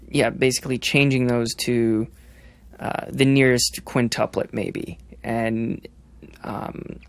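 A young man with a slightly gravelly voice walks through rhythm ideas on a podcast, humming out the beats as he goes. He backs up and restarts often, thinking aloud. The sound is dry and close. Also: medium pitch, no room sound. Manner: explains by singing rhythms, many fillers and restarts. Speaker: drummer guest. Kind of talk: podcast interview, explaining rhythm.

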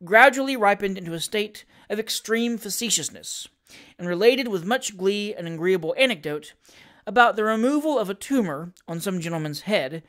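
Steady, measured storybook narrator. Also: mid-range voice. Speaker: audiobook reader. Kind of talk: reading a classic novel aloud.

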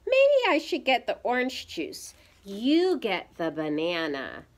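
A woman's voice: slow pace, exaggerated voice. A woman voicing an eager, bossy little girl who takes charge of her brother in a storybook read-aloud. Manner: high, excited, bossy.

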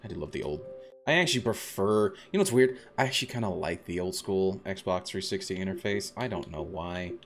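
A man's voice: sits low, animated, brisk, soft background music. A man streaming a video game, chatting casually and rambling with many restarts and self-corrections. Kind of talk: casual gameplay commentary.

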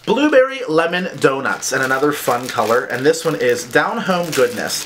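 A chatty vlogger talks through a casual unboxing at a middling pitch, full of "like" fillers. The recording has plenty of background noise and the crinkle of packaging. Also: big pitch swings, normal speed, hardly any pauses. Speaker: vlogger reviewing candle scents.

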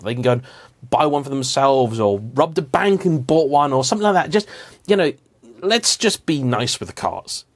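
A man hosting a car vlog, giving an animated, emphatic, playfully indignant rant to camera. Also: a little high. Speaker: car vlogger host.

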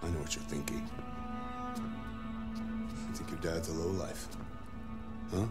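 A man's voice: a bass voice, fairly even intonation, measured pace. An actor playing a volatile, self-pitying middle-aged father in a video game, bitter and lashing out. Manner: bitter, lashing out, then pleading. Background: loud game music.

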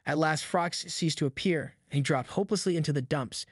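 A man reading a classic novel aloud in a steady, measured audiobook narration. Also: fairly high pitch, husky, no echo, clean studio sound. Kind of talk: scripted narration.

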